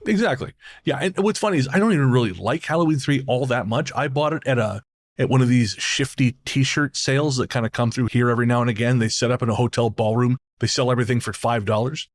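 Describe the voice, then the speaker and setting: A man's voice: mid-range voice, quick pace. Man from Canada, podcast co-host, casual chat, storytelling, swears, laughs.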